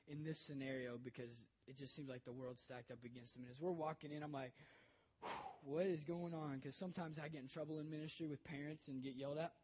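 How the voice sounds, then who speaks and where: A man's voice: mid-range voice, fairly even intonation, fast, few pauses, darkish tone, slightly rough. A young man, a youth pastor, telling an emotional personal story in a sermon, bold and conversational.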